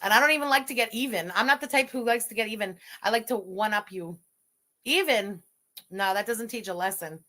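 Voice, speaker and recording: A woman livestreamer on an angry, profane rant, shouting insults at her audience. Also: mid-range voice, fairly quick.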